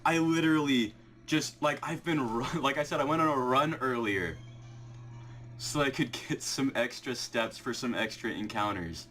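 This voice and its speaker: In this excited live reaction vlog, a young shiny-hunting video creator alternates between joyful shouting and laughter and rapid, hushed explanations, including quiet muttered counting. He sounds breathless and shaky, trembling with excitement as his heart races.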